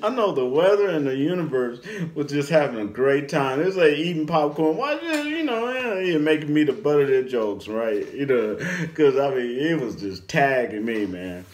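A man telling a casual storytime anecdote in an animated way, often laughing as he talks. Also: mid-range voice, moderate pace. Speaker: storyteller vlogger.

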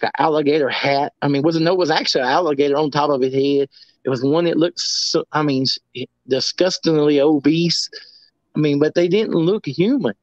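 A man's voice: on the high side, darkish tone, no echo. Rambling man on a dull lo-fi line. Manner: rambling, many restarts and "I mean". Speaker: guest. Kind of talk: casual storytelling.

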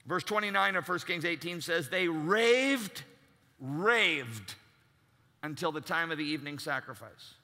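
A male pastor preaches emphatically in a large church and acts out the voices he quotes. His voice sits high, with a tense, bright edge. Long reverb from the large church trails after each phrase. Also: normal speed. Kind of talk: sermon.

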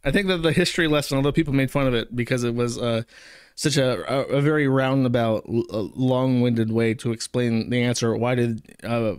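A man's voice: mid-range voice, clean tone, no echo, clean studio sound. A man giving casual, sarcastic commentary, rambling and crude. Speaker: streamer commentator.

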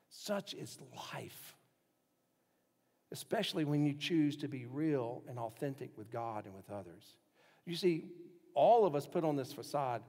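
A male pastor preaching a sermon, swinging from strong, raised lines down to hushed, near-whispered ones. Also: mid-range voice, in a large hall. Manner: dramatic shifts in loudness, dropping to near whispers.

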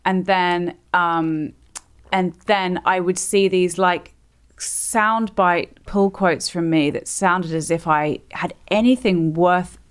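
A woman's voice: lowish voice, slow, clear, resonant tone. A woman from Australia, a comedian, chatting casually on a podcast with rambling, self-deprecating asides. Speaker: comedian guest.

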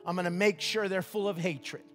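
A man's voice: sits high, fairly even intonation, fairly quick, big-room sound, faint music behind, lightly acted. An older man voicing a boastful, cruel male devil in a sermon story, gloating as he lists threats.

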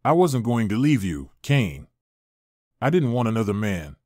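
A man's voice: lowish voice, very animated, measured pace, a little mellow, dry recording, clean studio sound. A man reading the lines of a young estranged wife, heated and pleading, in a story reading. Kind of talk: audiobook character reading.

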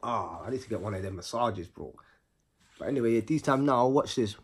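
A man spins a casual storytime monologue. His voice is husky and mid-pitched, and his delivery is animated and packed with street slang and rhythmic repeated words. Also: fairly quick.

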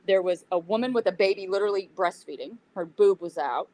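Woman telling a lively story. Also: mid-range voice, fairly quick, no echo, low-quality recording. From United States. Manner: animated retelling with acted-out quotes. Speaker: interview guest, yoga teacher. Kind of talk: casual storytelling.

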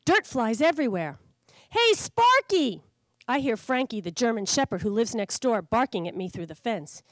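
A woman, a children's author, reading her storybook aloud in an animated, expressive way at a public library. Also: fairly high pitch, brisk, no room sound.

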